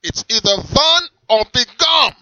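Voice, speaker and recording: A man voicing a strict, shouty German leather and whip seller with an eye patch, in a put-on German accent and a theatrical, menacing manner. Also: extremely high pitch, expressive, unhurried, dry recording, highs cut off, voice pushed up, heavily acted. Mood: barking, strict. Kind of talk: comedy sketch character.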